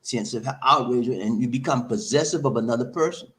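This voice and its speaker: A man's voice: mid-range voice, fairly quick, fairly bright tone. A man giving relationship advice to camera in a preachy, emphatic way, full of rhetorical questions and repetition. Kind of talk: talking to camera, advice monologue.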